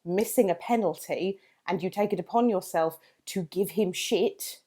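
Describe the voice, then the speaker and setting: A woman's voice: mid-range voice, moderate pace, mellow, breathy edge. A woman co-hosting a podcast in casual chat, teasing her co-host with dry quips.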